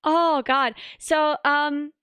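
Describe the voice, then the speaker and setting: A woman's voice: high voice, very slow, dry recording, studio quality. A woman hosting a live stream, chatting casually and gushing thanks to her donors. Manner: excitable, squealing thanks to donors. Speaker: streamer host.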